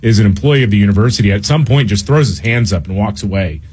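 A man's voice: fairly low pitch, lively intonation, fast talker, a little mellow, husky. A man in his thirties hosting a podcast, telling stories casually and laughing often. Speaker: podcast host. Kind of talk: casual commentary.

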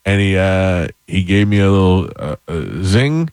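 Deep-voiced man telling a rambling story. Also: measured pace, clear, resonant tone, dry recording. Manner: rambling, animated anecdote with self-deprecating humor. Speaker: podcast host. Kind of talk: casual storytelling chat.

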